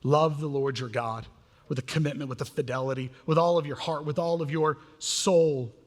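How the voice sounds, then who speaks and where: Pastor, man, 30s, slightly high and husky; animated, self-mocking sermon storyteller in a reverberant sanctuary. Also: moderate pace. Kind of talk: sermon with humorous family stories. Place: church sanctuary. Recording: long reverb of a church hall.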